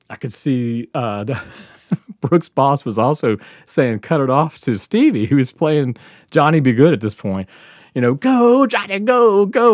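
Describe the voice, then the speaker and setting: With a medium-pitched voice captured in a dry, studio-quality recording, a male podcast co-host in his fifties shares a wild story casually. He's animated, swears freely, and keeps laughing through it.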